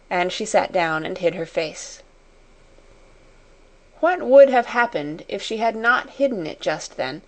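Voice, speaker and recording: A woman reading a classic story aloud in a measured, expressive way. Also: mid-range voice. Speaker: audiobook narrator. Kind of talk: scripted storybook narration.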